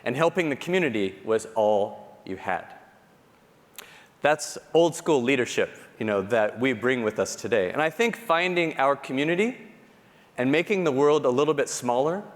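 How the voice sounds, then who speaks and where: Animated man telling stories on stage. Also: mid-range voice, moderate pace. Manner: animated, self-deprecating, acts out quoted colleagues. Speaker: conference speaker. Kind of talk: storytelling keynote talk. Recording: long hall reverb.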